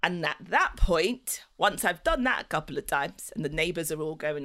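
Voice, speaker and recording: A woman chats easily as a podcast guest, her voice sitting a little low. She tells her story casually and laughs often. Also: lively intonation, normal speed, a bit bright. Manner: chatty, laughs often, acts out voices in anecdotes.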